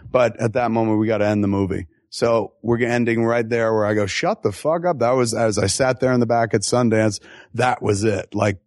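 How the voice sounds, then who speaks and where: A man's voice: on the low side, a little fast, no room sound, clean studio sound. A middle-aged man, a film director, talking casually in an interview and telling stories with acted-out quotes and frequent swearing. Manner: animated, profane storyteller who acts out quotes.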